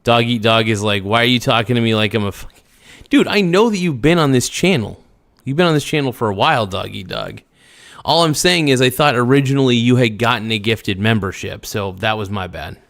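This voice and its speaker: A man's voice: mid-range voice, animated, fairly quick, vocal fry, fairly bright tone, no echo, studio quality. A man hosting a casual livestream, reading viewer comments aloud and answering them in a rambling, blunt way. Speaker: livestream host.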